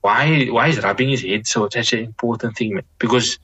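A man with a husky, slightly breathy voice and a forceful, bright edge. He talks in a measured, reflective way, circling back and repeating words as he gathers his thoughts. His tone leans gently toward preaching. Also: medium pitch, lo-fi sound. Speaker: Muslim scholar guest. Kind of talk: reflective podcast conversation.

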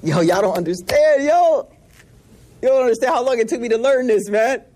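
High, husky-voiced man giving a slangy sermon. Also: moderate pace. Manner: animated, slangy, storytelling. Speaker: preacher. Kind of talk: casual sermon.

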